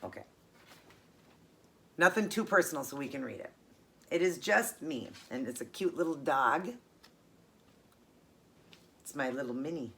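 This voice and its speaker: A woman's voice: a bass voice, animated, measured pace, pauses often. A middle-aged woman vlogger chatting casually and earnestly as she unboxes gifts, gushing and emotional.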